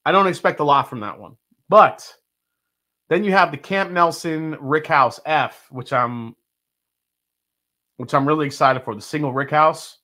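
A man's voice: on the high side, measured pace, long pauses, pushed and bright. A man hosting a live bourbon tasting stream, chatting casually and reading viewer comments aloud with frequent laughs.

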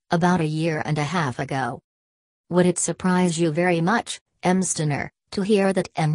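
Woman narrator, low pitch, dry close studio sound, steady reading of a mystery novel. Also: dry recording. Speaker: audiobook narrator.

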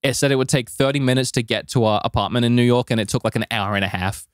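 A man co-hosting a podcast, telling a travel story in a rambling, animated way with lots of filler words. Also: medium pitch, fast talker, clean tone, dry recording, studio quality. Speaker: podcast co-host. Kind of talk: casual storytelling chat.

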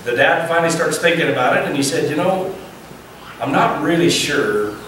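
Preaching to men about fatherhood, a man tells stories and acts out the voices of a father and his son. His voice is on the high side and fairly bright, at a normal speed, recorded from a distance in a noisy, echoey room.

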